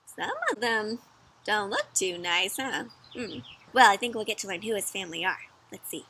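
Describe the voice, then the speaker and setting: Bright, teacherly woman reading to kids. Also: mid-range voice, moderate pace, husky. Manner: warm teacherly, asks children questions. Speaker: children's story reader. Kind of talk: interactive read-aloud for kids.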